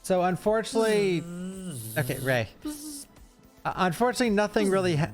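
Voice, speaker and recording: A man's voice: high-pitched, animated, over music. A young man streaming, chatting casually through a reaction to a speedrun with lots of fillers. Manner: chatty, fast asides, frequent fillers.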